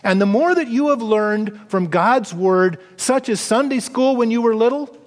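A man with a fairly high voice preaches a sermon, earnest and measured. He sinks low and soft to drive points home. The sound carries a long reverb, as in a large hall. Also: lively intonation. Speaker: pastor.

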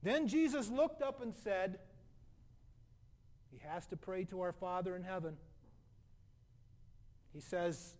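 A middle-aged man delivers a sermon in a notably high voice. He moves between loud, emphatic declarations and soft, hushed passages, like a pastor speaking from the pulpit. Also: slow pace, long pauses.

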